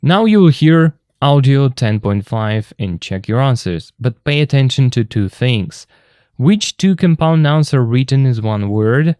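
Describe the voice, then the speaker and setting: A man's voice: mid-range voice, expressive, darkish tone, no room sound, studio quality. Patient man teaching English vocabulary. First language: Russian. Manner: patient, clear, repeats examples slowly. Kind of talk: textbook lesson explanation.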